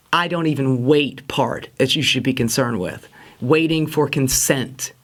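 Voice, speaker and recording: A woman hosting a casual political commentary show, ranting in an exasperated, sarcastic way. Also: low voice. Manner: exasperated, sarcastic, mocking impressions.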